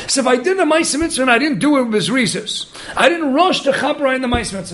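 A man giving an animated Torah study lecture. He urges his listeners on and mixes in many Hebrew and Yiddish terms. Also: very high-pitched, fairly quick, slight background noise. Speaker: Torah teacher.

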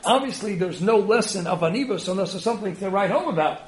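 A man's voice: high voice, animated, quick pace. A man giving a spirited Torah lecture, emphatic, posing rhetorical questions and answering them himself. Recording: roomy echo.

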